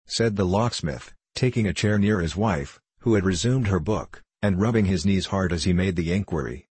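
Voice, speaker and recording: A man narrating a classic novel in measured storytelling. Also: deep voice, a little mellow, slightly rough, dry recording. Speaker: audiobook narrator. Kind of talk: scripted narration.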